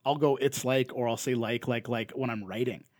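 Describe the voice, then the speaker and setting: A young man with a Canadian accent chats loosely on a podcast, piling up fillers and false starts as he thinks aloud. His voice sits at an ordinary middle pitch, and the recording is dry and close with no room sound. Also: fairly even intonation, a little fast, a little mellow, no room sound. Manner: rambling, many fillers and restarts. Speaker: podcast co-host. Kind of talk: casual chat.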